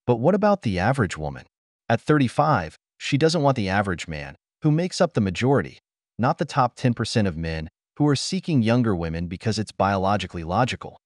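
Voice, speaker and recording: A man with a lowish voice narrates scripted commentary as the channel host. His delivery is blunt and opinionated, with lively swings in pitch. The sound is very dry and close. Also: fairly quick, no echo.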